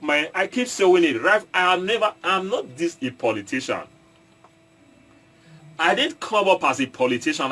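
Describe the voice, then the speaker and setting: A man's voice: on the high side, a bit bright. A Nigerian man with an Edo State accent, an entertainer addressing his viewers in a casual monologue, stopping and restarting often and slipping into Pidgin. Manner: halting, repeats and restarts, mixes in Pidgin, asks viewers if they follow. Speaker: online commentator and entertainer.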